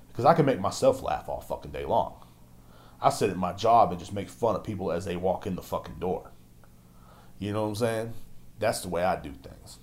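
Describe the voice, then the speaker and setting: A man hosting his own podcast, ranting and rambling with constant swearing, shifting from loud outbursts to low mumbling. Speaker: podcast host. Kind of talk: solo podcast rant.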